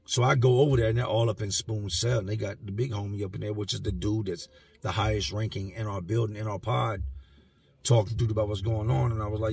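A man's voice: lowish voice, quick pace, creaky, a little mellow, breathy edge, no echo. A man telling a story from his own past in a blunt, slangy, profane way. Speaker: vlogger.

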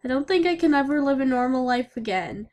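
High-voiced woman melodramatically voicing a game. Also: animated, brisk. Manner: melodramatic, shouts and whimpers. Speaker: game player voicing characters. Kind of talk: playful melodramatic game voice-over.

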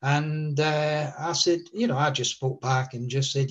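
A man in his seventies from Scotland, recalling old anecdotes in an interview with a rambling, halting delivery. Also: medium pitch, lively intonation, dull audio. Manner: rambling, many fillers and restarts.

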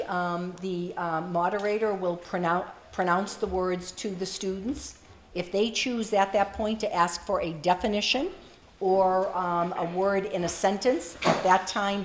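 A woman's voice: mid-range voice, slight background noise. Friendly New England woman moderating a spelling bee, echoey hall. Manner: friendly, encouraging. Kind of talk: explaining rules and reading words aloud.

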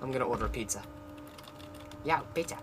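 A man gives loose, joking commentary over a horror game, bickering with its characters and swearing freely. His voice sits mid-range, and a steady layer of background noise runs under the recording. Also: medium pitch, fast talker. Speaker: gamer playing a horror game. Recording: noisy home recording.

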